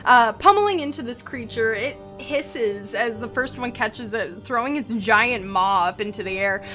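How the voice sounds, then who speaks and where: A woman running a tabletop game as game master, describing the action vividly between quick rules checks. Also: fairly high pitch, pushed and bright, faint music behind.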